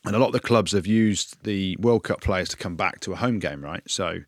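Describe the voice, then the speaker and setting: Fast, low-voiced male host, teasing banter, dry close mic. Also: dry recording. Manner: joking, teasing, quick banter. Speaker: podcast host. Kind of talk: casual podcast banter.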